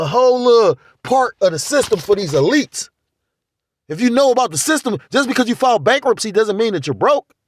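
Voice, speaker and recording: A man's voice: extremely high pitch, no room sound, studio quality. A man vlogging a casual spiritual monologue, rambling and profane. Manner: profane, rambling, animated ranting.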